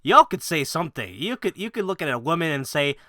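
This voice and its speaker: A man with a bright, forceful voice rants bluntly to camera, swearing freely and chuckling between his points. He rambles with restarts and fillers. The sound is dry and close, with no room around it. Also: a little high, big pitch swings, a little fast, no echo. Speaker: gaming video creator. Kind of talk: casual opinion rant to camera.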